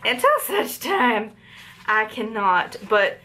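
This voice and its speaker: A woman from the Appalachian region of the United States reviews a book on her channel, chatting casually and rambling with lots of fillers and tangents. Her voice is a little high, sing-song and slow, with a bright, forceful tone.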